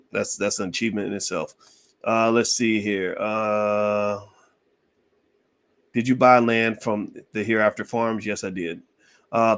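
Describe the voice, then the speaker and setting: A man hosting a podcast, reading viewer questions aloud and answering them in a relaxed, conversational way with lots of fillers. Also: fairly low pitch. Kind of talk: casual live Q&A.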